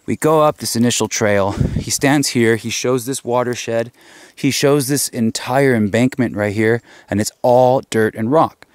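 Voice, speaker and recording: A man's voice: mid-range voice, a little slow, no echo, clean studio sound. A man hosting an outdoor walkthrough on a mountain trail, out of breath and pointing things out as he explains. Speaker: host, investigator. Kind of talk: casual on-site walkthrough.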